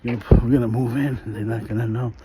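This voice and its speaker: A man's voice: mid-range voice, fairly even intonation, quick pace, a loud crowd. A man in his thirties with a New York accent, rambling casually in slang while walking down a residential street and filming on a phone. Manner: laid-back slangy rambling, laughs often. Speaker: vlogger host. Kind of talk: casual walk-and-talk chat.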